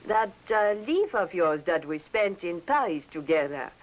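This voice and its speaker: An actress playing a wife who puts on a phony foreign accent to pose as a coy old flame, in 1950s TV drama style. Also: female voice, mid-range voice, big pitch swings, moderate pace, sharp tone, slightly rough, full character voice, rough recording. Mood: sultry teasing.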